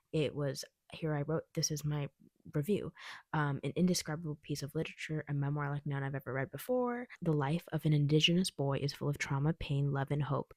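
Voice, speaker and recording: A woman's voice: sits low, a little mellow, no echo, clean studio sound. A young woman at home casually reviewing books she read, chatty and digressive, laughing often. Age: young adult. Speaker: book vlogger. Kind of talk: casual book review vlog. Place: at home, indoors.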